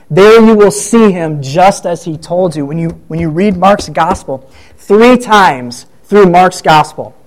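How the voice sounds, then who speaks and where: A man's voice: high-pitched, rough recording. A man preaching a conversational sermon, acting out the voices of the people in the story as he retells it. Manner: conversational, acts out quoted voices. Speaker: pastor.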